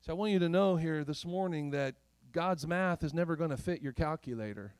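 A male pastor delivers an emphatic, rhetorical sermon in a fairly high voice. He moves between loud questions and hushed whispers and drops in playful asides with chuckles. The sound is dry and close, with no room echo. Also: a little fast, smooth.

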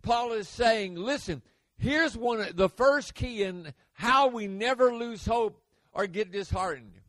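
High-voiced, slow, emphatic male preacher. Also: no room sound. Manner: emphatic, repeats key words, builds to forceful peaks. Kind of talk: sermon.

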